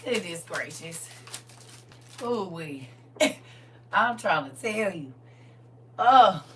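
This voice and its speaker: A woman hosting a casual livestream chat with her viewers, swinging from soft murmurs to loud, excited exclamations. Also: lowish voice, extremely slow. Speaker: livestream host. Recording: distant mic with faint background hum.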